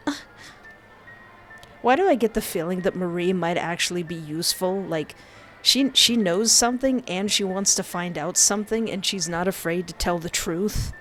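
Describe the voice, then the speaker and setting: A woman's voice: lowish voice, normal speed, soft background music. A woman commenting on a game as she plays, musing aloud in a hesitant way. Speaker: game player. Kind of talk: playthrough commentary.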